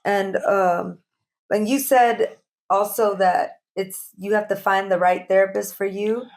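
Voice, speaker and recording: A woman's voice: mid-range voice, a little slow. A young woman co-hosting a podcast, telling stories in casual chat and laughing often. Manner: animated storyteller, laughs often. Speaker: podcast co-host.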